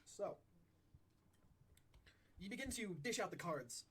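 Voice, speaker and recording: A young man acting as game master, narrating a pirate tabletop game with lively swearing. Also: high voice, slow, breathy edge.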